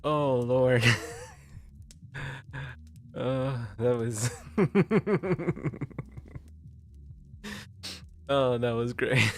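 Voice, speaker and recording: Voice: mid-range voice, drawn-out words, long pauses. A VTuber streamer in casual live-stream chat, caught in a helpless laughing fit and gasping out short exclamations between bursts. The throat is sore and the face aches from laughing.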